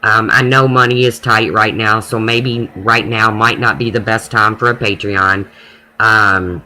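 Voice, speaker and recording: A man's voice: fairly low pitch, fairly even intonation, a little slow, pushed and bright, rough recording. A man running a casual live stream, talking to his viewers and answering their comments by name in an emphatic, preachy way.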